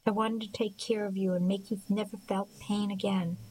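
A woman reading the lines of a heartbroken, bitter young man in an audiobook, speaking quietly and half-whispered. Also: medium pitch, level tone, normal speed, breathy edge, natural voice, rough recording. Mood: hurt.

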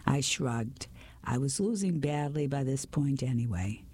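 A reader narrating an audiobook in steady first-person storytelling. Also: mid-range voice, unhurried, husky. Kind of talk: audiobook reading.

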